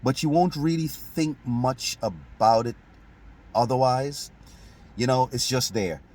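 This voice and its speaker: A man's voice: medium pitch, takes it slowly, darkish tone. A man from Saint Kitts and Nevis hosting a casual history chat, conversational, laughing often and restarting sentences. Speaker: host.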